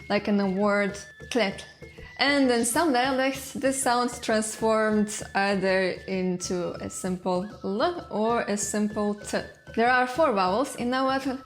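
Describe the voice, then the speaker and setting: A woman hosting a language channel, narrating an educational explainer in a clear, lightly playful way. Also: mid-range voice.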